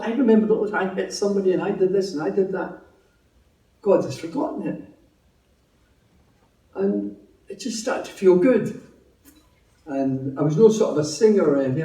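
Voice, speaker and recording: A Scottish man shares his testimony with a meeting, chatty and quick to joke. His voice sits a little high but sounds mellow and relaxed. He is heard from some distance in an echoey room. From Scotland. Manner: chatty, humorous storytelling. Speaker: testimony speaker.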